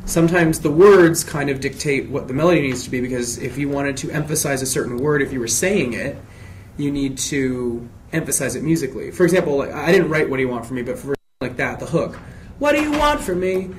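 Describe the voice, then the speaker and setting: A man in a casual live Q&A, reading fan questions aloud and answering in a chatty, expressive way, often restarting his sentences. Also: medium pitch, brisk, slight background noise.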